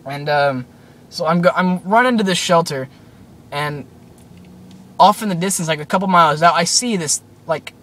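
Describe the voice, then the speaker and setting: A man's voice: a little high, normal speed, long pauses, fairly bright tone. A young man casually retelling a strange dream to his viewers, rambling with lots of "like" and "um". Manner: rambling, full of "like" and "um". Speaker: vlogger. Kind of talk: casual storytelling.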